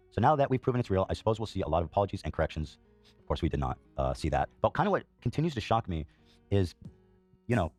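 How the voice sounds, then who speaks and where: Fast, deep-voiced heated male host. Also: a little mellow. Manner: heated, swears, frequent fillers and coughs. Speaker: podcast host. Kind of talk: reaction commentary.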